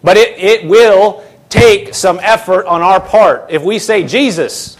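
A man preaching a sermon as a pastor, emphatic, repeating phrases and shifting between slow and rushed delivery. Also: sits high, husky.

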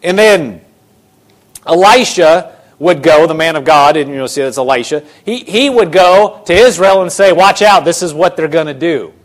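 A man preaching a sermon, retelling a scripture story in casual, animated voices. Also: a little high, moderate pace.

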